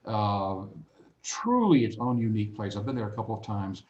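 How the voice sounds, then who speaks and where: A man telling lively anecdotes as a guest in a casual interview, acting out little voices along the way. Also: fairly low pitch, moderate pace, muffled recording. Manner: animated, acts out voices in anecdotes. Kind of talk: casual storytelling. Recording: roomy echo.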